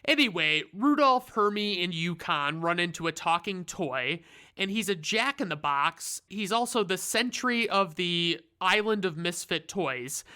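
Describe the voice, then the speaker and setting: A man's voice: high voice, sharp tone, smooth. A man giving a comedic, sarcastic movie recap, rambling and swearing freely. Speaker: reviewer.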